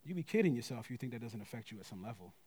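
A middle-aged male guest pastor preaching a sermon in a church, colloquial and conversational, swinging from loud emphasis to hushed asides. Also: medium pitch, sing-song, rapid-fire, slightly rough. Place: church sanctuary.

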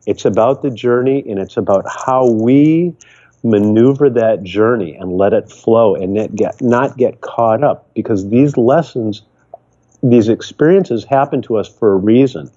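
Telling his personal story on a podcast, the older guest from Michigan speaks with a mellow, medium pitch at a measured pace. He reflects earnestly but rambles, restarting often, and comes through on dull, lo-fi remote audio.

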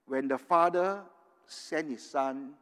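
A man's voice: medium pitch, slow pace, a bit bright. An older man from Singapore preaching a sermon, earnest and tagging his points with "right?". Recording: long hall reverb.

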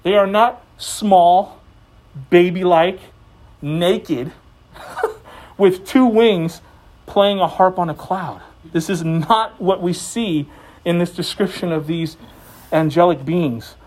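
A man's voice: high voice, takes it slowly, pauses often, a little mellow. A male preacher giving a sermon in a conversational way, with jokes between the teaching. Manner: conversational and joking.

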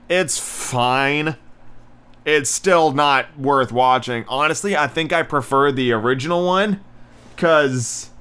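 Young male podcast host, slightly higher voice, bright tone, blunt and rambling, a bit out of breath. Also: smooth. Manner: rambling, blunt, frequent fillers and profanity. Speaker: podcast host reviewing movies. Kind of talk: casual solo review.

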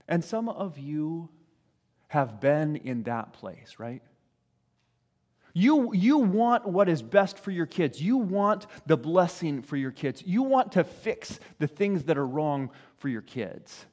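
A man's voice: a little high, sing-song, slow pace, darkish tone, big-room sound. A man giving a sermon in a conversational way, often asking "right?" and briefly acting out the voices of parents and children. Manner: conversational, frequent "right?" asides, acts out voices of parents and kids. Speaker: pastor.

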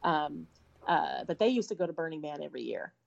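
A woman co-hosting a casual talk show, reading news reports in a relaxed way, with fillers. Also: sits low, a little fast, gravelly, highs cut off. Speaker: co-host.

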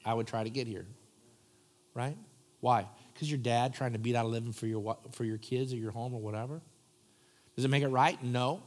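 Male pastor, church sermon, mid-pitched voice, chatty delivery with sudden loud jabs and near-whispered prayer passages. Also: fairly even intonation, fairly quick, long pauses. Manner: conversational, swings from loud asides to soft hushed prayer. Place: church sanctuary.

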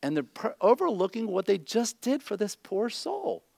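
A man's voice: high-pitched, big pitch swings, moderate pace, creaky, a little mellow, no room sound, clean studio sound. A middle-aged man preaching a conversational sermon, blunt and joking, often checking in with his listeners. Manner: blunt, joking asides, repeats "okay?". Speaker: pastor.

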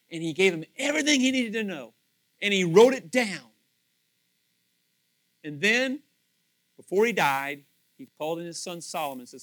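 A male pastor giving a sermon in a chatty storytelling way, acting out little scenes and swinging from loud to soft. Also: on the high side, lively intonation, normal speed, long pauses, dry recording. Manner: conversational storytelling, acts out voices.

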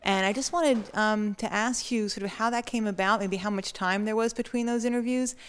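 A woman in the audience asks the filmmaker a question, earnest and measured. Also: mid-range voice, fairly even intonation, clean tone. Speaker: audience member asking a question.

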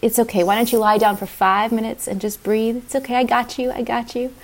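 A woman voicing a gentle, nurturing wise inner woman, soft and slow-spoken, on a video call. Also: fairly high pitch, fairly even intonation, close to an everyday voice. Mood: soothing.

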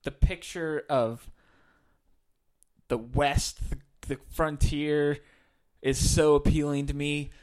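A man's voice: fairly high pitch, flat delivery, takes it slowly, a little mellow. A man co-hosting a podcast in casual chat, easygoing and thinking aloud as he talks. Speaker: podcast co-host.

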